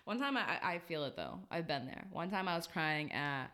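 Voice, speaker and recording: Bright, laughing woman bartender. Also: sits low, lively intonation, moderate pace. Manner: laughing storyteller, swears freely. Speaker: podcast co-host, bartender. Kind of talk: casual chat.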